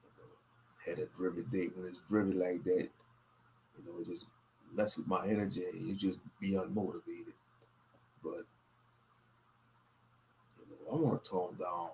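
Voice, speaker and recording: A tired man rambles through a late-night livestream in a very low, gravelly voice. His talk is loose and monotone, with little lift from line to line. He sounds worn out. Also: unhurried, long pauses, a little hiss or hum. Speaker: livestream host.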